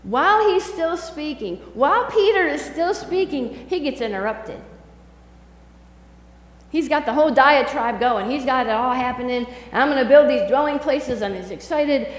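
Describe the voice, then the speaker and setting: A high-pitched woman pastor delivers a sermon, talking to the congregation in a casual, animated storytelling style. Her voice rings through a church sanctuary with long, echoing reverb. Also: moderate pace. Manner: conversational, animated storytelling preaching.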